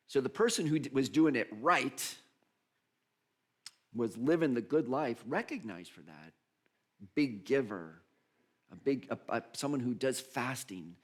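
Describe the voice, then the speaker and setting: A male pastor preaching a sermon in church, animated, acting out voices and laughing often. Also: mid-range voice.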